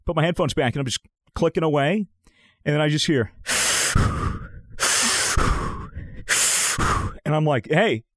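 A man's voice: fairly high pitch, quick pace, no room sound, studio quality. A young man in his twenties, chatting casually on a podcast and telling stories, swearing often and acting out what people said. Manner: animated, swears a lot, acts out quotes. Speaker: podcast co-host. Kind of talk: casual chat, storytelling.

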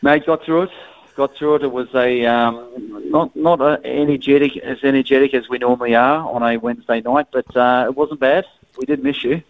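A man calling in as a guest on sports radio, relaxed and bantering with the host over the phone. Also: medium pitch, normal speed, no room sound. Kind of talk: casual radio chat. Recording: tinny phone line.

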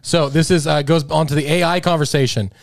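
A man's voice: on the high side, steady tone, a little fast, gravelly, no echo. Laid-back jokey male podcast co-host. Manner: laid-back, jokey, says "baby" and "dude". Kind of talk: casual chat.

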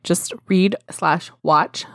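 A woman's voice: fairly low pitch, extremely slow, dry recording, clean studio sound. A woman co-hosting a podcast, recapping a TV series in casual chat, acting out the characters' lines and laughing often. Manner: animated storytelling, acts out quotes, laughs often. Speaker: podcast co-host.

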